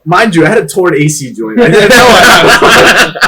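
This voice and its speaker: A young man co-hosting a podcast, telling animated stories in casual chat and swearing a lot. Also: high voice, normal speed, heavy background noise. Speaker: podcast co-host.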